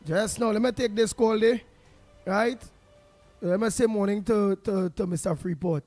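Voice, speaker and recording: High-voiced Trinidadian male talk host. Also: moderate pace, darkish tone, faint music behind. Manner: chatty, creole phrasing, laughs often, rattles off names. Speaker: radio talk show host. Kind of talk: casual on-air chat greeting listeners.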